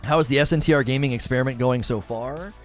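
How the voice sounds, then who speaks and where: A man's voice: mid-range voice, fast talker, soft background music. A man in his thirties chatting casually on a live stream as the streamer, rambling with many fillers and restarts.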